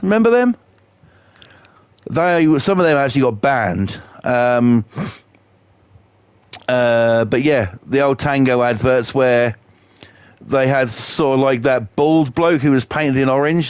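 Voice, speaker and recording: A man's voice: mid-range voice, smooth, no room sound. Sweary man rambling on stream. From England. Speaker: game streamer. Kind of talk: casual chat on a live stream.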